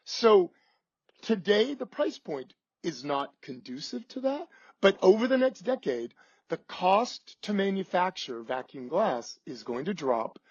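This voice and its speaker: Male podcast guest, high and husky, emphatic, on dull, dry lo-fi audio. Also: big pitch swings, unhurried, darkish tone, dry recording.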